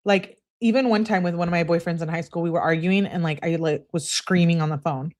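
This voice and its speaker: A woman's voice: fairly low pitch, steady tone, brisk, a little mellow. Chatty woman commenting on true crime. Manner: chatty, peppered with "like", outspoken reactions. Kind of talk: casual commentary reading text messages aloud.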